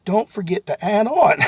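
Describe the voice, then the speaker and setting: A man coaching salespeople in a folksy, animated way, now and then breaking into sudden shouts. His pitch sits a bit high and swoops around a lot. The voice is husky and gravelly. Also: slight background noise. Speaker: sales trainer. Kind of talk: motivational sales talk to camera.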